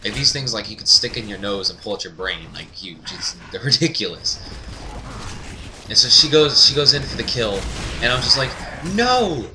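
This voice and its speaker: A man with a lowish voice recounts a childhood mishap while commenting over gameplay. He talks casually, laughs often and climbs to excited yelps. Steady hiss sits under the home mic recording. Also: moderate pace. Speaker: gaming commentator.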